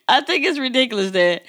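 A woman co-hosting a podcast in casual chat, animated and laughing often. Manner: animated, laughing often, jumps to very high pitch. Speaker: podcast co-host.

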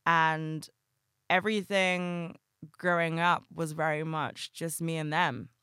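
A woman's voice: low-pitched, little pitch movement, takes it slowly, fairly bright tone, smooth, no echo, studio quality. A woman hosting a solo podcast, talking candidly and emotionally, swearing often. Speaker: podcast host.

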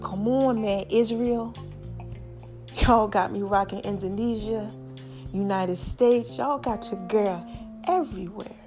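A woman hosting her own podcast, sharing a personal testimony in a casual, expressive, preachy way and talking straight to her listeners. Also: mid-range voice, takes it slowly, faint music behind. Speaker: podcast host.

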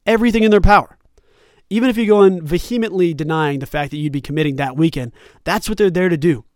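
With a voice on the high side, a young sports podcast host talks fast through loose, animated commentary, drifting into many asides. The studio sound is clean and dry.

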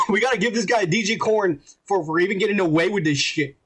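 A man with a Texan accent co-hosting a podcast in loud, profane, joking casual chat. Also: high voice, moderate pace, slightly rough. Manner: profane, boisterous, laughing often. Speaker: podcast co-host.

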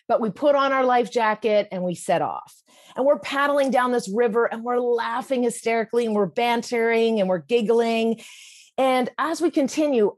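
A woman's voice: medium pitch, no room sound, clean studio sound. A woman telling a personal story in a vivid, comic, present-tense way. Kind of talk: personal story told to an audience.

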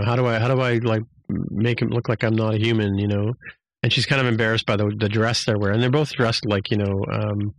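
A man's voice: lowish voice, no room sound. A man hosting a podcast, casually recapping an episode with many fillers and restarts. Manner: rambling, many fillers and restarts, acts out quotes.

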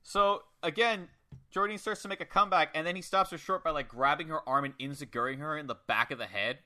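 A man excitedly recapping a wrestling match in casual, profane chat. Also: fairly high pitch, fairly quick. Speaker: podcast co-host.

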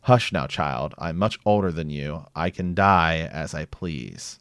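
A man reading aloud the lines of a dying old maester, slow and faint. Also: very deep voice, animated, a bit bright, clear, resonant tone, dry recording, pitched below the performer's own voice, exaggerated voice. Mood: weak, dying. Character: dying old male maester, weary and gentle.

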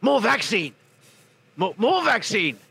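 A man doing a comic impression of a pompous, stammering male politician making announcements, with a husky voice. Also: high-pitched, very animated, slow, sharp tone, no room sound, pitched above the performer's own voice, exaggerated voice.

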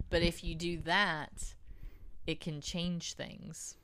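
Woman on a podcast, low voice, talks slow and calm, pretty matter-of-fact. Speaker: podcast co-host. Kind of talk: casual chat about a musical.

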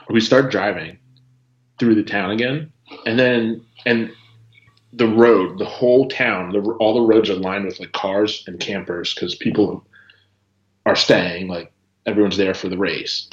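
A man's voice: lowish voice, a little slow. A man telling a travel story in casual chat, talking loosely with lots of "like" and chuckling as he goes. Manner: chatty, says "like" often, laughs while telling. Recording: roomy, slightly dull sound.

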